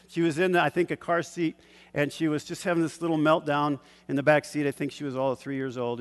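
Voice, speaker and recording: An older pastor preaches fast in a fairly high voice, and long hall reverb trails his words. He calls out questions for the congregation to finish, chuckling often between points. His volume swings from loud to hushed.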